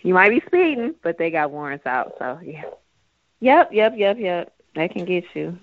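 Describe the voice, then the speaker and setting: Animated woman on a tinny phone line. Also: lowish voice, normal speed, dry recording. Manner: animated, laughing, acts out voices. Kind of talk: casual chat.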